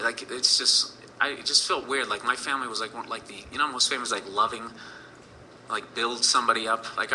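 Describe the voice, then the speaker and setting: A man's voice: lowish voice, sharp tone, a little hiss or hum, rough recording. A man in his thirties telling a personal story in a rambling, profane way, full of fillers.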